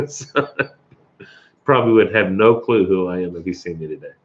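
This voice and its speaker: A man's voice: deep voice, lively intonation, normal speed. A middle-aged man, hosting a casual livestream chat, chuckling and greeting viewers by name, with an occasional cough. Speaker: livestream host. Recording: dull lo-fi stream audio.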